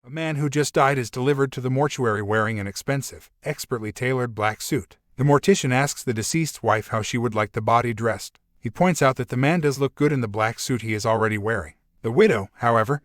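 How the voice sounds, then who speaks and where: Male joke narrator, middle pitch, even storytelling read, dry studio sound. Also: no echo.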